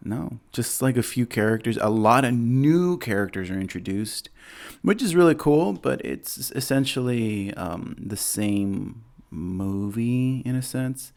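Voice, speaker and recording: A man's voice: mid-range voice, lively intonation, measured pace, creaky, darkish tone. A man hosting a podcast, chatting casually about a movie in a rambling way with lots of fillers. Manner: rambling, many fillers and chuckles. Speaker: podcast host. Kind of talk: casual movie-review chat.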